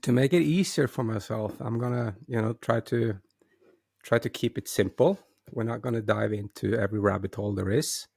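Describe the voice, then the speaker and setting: A man's voice: lowish voice, moderate pace, gravelly, darkish tone, breathy edge, no room sound, studio quality. A man hosting his own show, talking casually and hesitantly, with frequent restarts and repeated words. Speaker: host. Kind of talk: casual solo talk.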